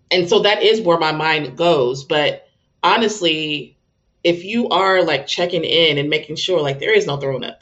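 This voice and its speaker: A woman with a low voice speaks as a guest parenting coach in a candid conversational interview, recorded with a muffled sound. She is open and emotional, acting out her own exasperated outbursts.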